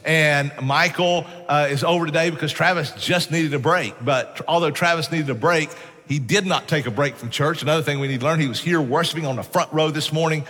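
A man's voice: a little high, fairly quick, a bit bright, in a large hall. A man preaching a sermon, telling stories in a folksy way and often saying "man". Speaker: pastor. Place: church sanctuary.

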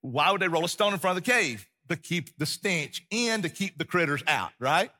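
Male pastor, sermon: bright, slightly raised voice with a husky edge, animated storyteller. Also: high voice, normal speed. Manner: animated storyteller, acts out scenes, drops to quiet intensity.

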